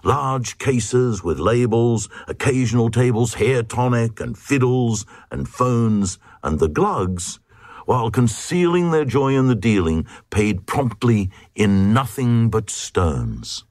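Husky man reciting a rhyming poem. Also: mid-range voice, slow pace, dry recording, clean studio sound. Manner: lively sing-song recitation. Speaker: narrator. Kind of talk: reading a comic rhyming poem aloud.

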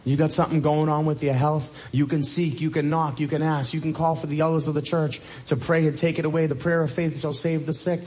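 A man preaching a sermon as pastor, emphatic and repetitive, often rising sharply in pitch to drive a point home. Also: little pitch movement, a little fast, few pauses, a little mellow.

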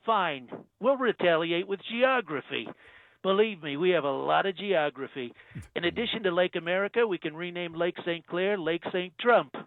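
A man's voice: high-pitched, lively intonation, normal speed, no echo. A man playing a boastful older US president in a comedy radio bit, bragging in short punchy sentences over a phone line. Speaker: caller. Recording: tinny phone line, dry.

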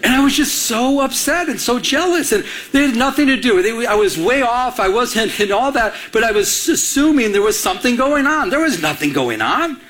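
A man's voice: very high-pitched, moderate pace, few pauses. A man preaching a sermon, telling a personal story and acting out the dialogue in it. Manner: animated storyteller, acts out quoted dialogue. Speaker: pastor.

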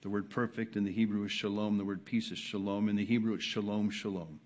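A man preaching a sermon at a church service. He drops to a quiet, low murmur, then rises high and loud, and repeats words to drive each point home. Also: little pitch movement, fast talker. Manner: impassioned preaching, swings from soft to loud, repeats phrases for emphasis. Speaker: pastor.

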